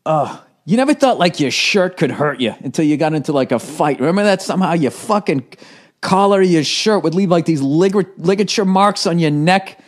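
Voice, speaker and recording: A man's voice: a little high, lively intonation, a little fast. A man in his forties, a comedian telling rambling, profane, self-mocking stories in casual conversation. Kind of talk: conversational storytelling.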